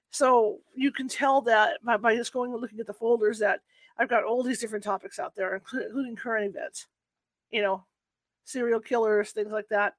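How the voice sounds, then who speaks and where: A man's voice: very high-pitched, fairly bright tone, no echo. A man hosting a live paranormal talk show, chatting casually with many fillers and restarts, laughing at himself. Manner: rambling, self-deprecating, lots of fillers and restarts. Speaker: podcast host. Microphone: home computer setup.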